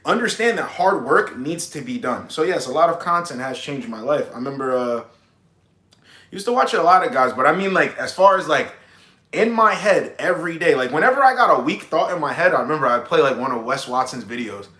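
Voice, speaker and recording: A man's voice: fairly high pitch, expressive, a little fast, pushed and bright, echoey room. A young man, a dating coach on a stream, chatting casually in blunt, slangy talk with plenty of swearing. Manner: acts out both sides of pickup scenes. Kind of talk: casual livestream chat.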